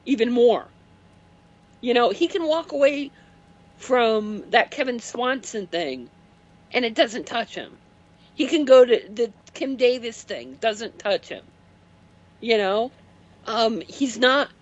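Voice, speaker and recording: A man calling in to a radio show, talking in a halting, self-deprecating way. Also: very high voice, fairly bright tone, muffled recording. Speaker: caller. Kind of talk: call-in radio chat.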